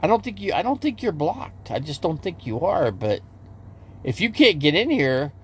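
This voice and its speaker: A man's voice: on the high side, very animated, moderate pace, breathy edge. A man livestreaming casual chat from inside his RV, rambling and restarting his sentences as he talks to viewers in the chat. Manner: rambling, with many restarts and repeated words.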